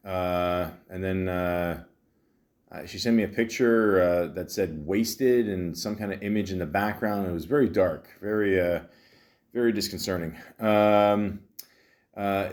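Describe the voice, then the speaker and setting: A man's voice: low voice, measured pace, a little mellow. A man in his forties hosting a podcast, telling a rambling, wry story in a casual monologue full of fillers and restarts. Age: 40s. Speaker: podcast host.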